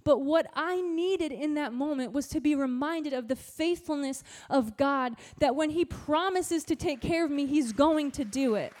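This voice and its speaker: Young woman youth pastor preaching, high voice, lively casual storytelling, says dude and sick. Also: normal speed, few pauses. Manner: animated storytelling, casual slang. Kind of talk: sermon.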